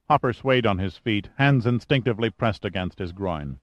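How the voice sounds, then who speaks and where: A man narrating an audiobook with steady, even storytelling. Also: sits low, normal speed, hardly any pauses, no echo, dull audio. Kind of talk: scripted narration.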